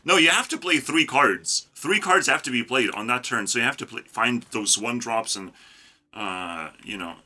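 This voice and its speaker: A man's voice: medium pitch, animated, normal speed, pushed and bright. A man ranting casually about a card game, mocking and profane, breaking into laughter. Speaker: YouTube gaming creator. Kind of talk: casual ranting commentary while designing cards.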